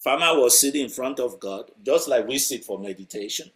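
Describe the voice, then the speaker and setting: A man's voice: medium pitch, expressive, fairly quick, fairly bright tone. Man telling a story in a sermon. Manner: conversational, chuckling as he tells the story.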